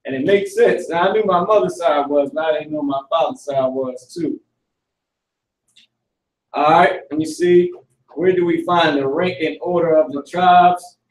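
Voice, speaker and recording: Guy teaching a class, casual slangy talk, repeats words slow, kinda highish voice, echoey room far from mic. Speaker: language teacher. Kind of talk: live online class.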